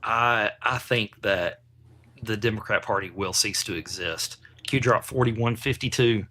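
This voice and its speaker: A man's voice: lowish voice, measured pace, pushed and bright, a little hiss or hum. A man co-hosting a livestream, upbeat and emphatic in casual chat. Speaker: co-host.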